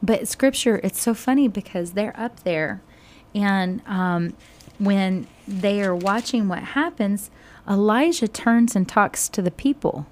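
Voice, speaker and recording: A woman teaching a Bible study, retelling scripture in conversation with sudden animated bursts. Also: medium pitch.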